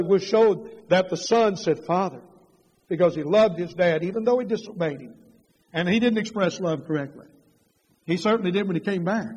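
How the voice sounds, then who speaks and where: A middle-aged man preaching a sermon, emphatic and full of rhetorical questions, climbing in pitch as he presses his points. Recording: long reverb of a large hall.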